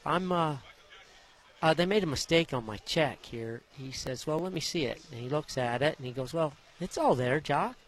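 A man, a former jockey, telling stories from his riding career in a folksy, animated way in an interview, acting out the voices of the people in them. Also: fairly high pitch, normal speed. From Idaho. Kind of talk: interview storytelling.

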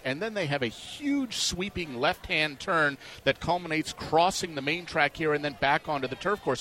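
A man's voice: on the high side, bright, forceful tone. A man giving horse racing analysis on sports radio, talkative and explanatory with a joking streak.

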